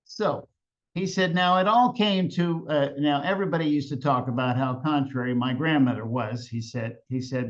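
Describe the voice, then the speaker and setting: A man telling a family tall tale live, halting and repeating words with chuckles between lines. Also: on the high side. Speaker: storyteller. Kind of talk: live storytelling. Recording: lo-fi event recording.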